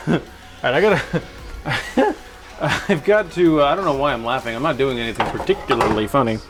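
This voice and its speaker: A man's voice: medium pitch, normal speed, over music. A young man hosting a cooking livestream from his home kitchen, joking with viewers in a goofy, self-mocking way. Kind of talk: casual cooking livestream chat.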